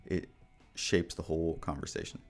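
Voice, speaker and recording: A man's voice: a bass voice, level tone, normal speed. A podcast host talking earnestly and directly to the listener as he gives motivational advice. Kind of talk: motivational talk.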